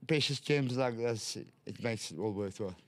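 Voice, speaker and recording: A man, a horse trainer speaking in a halting way, fumbling for words in a post-race interview. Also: on the low side, no room sound.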